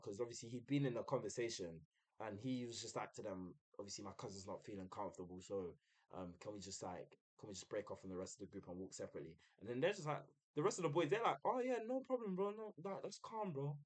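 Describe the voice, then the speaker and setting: Young man, casual storytelling, slangy, chatty, streaming mic at home. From United Kingdom. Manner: chatty, uses slang, mimics others in a high voice.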